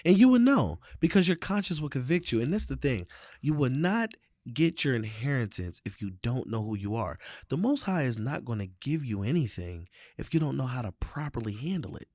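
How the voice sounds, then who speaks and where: Animated man with a preacherly cadence. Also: mid-range voice, a little fast, dry recording, studio quality. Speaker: host. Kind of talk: casual conversation.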